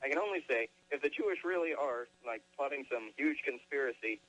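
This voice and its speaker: A man's voice: medium pitch, lively intonation, a little fast, a bit bright, lo-fi sound. A man talking on a casual radio show, telling stories and making dry joking asides.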